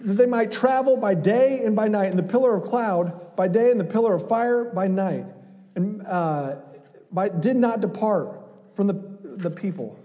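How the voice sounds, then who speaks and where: Guy preaching, kinda high mellow voice, jokey and animated, long echo in a church. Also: moderate pace. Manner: animated, conversational, acts out voices with humor. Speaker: pastor. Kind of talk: sermon.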